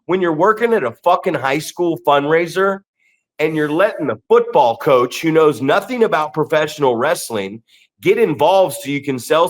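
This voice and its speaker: A man co-hosting a podcast, ranting profanely with animated mocking asides. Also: on the high side. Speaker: podcast co-host. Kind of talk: casual podcast rant.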